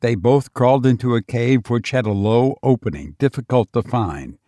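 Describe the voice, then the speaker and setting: A man reading a story aloud in a steady, unhurried way. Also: mid-range voice, no echo, studio quality. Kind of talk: storybook narration.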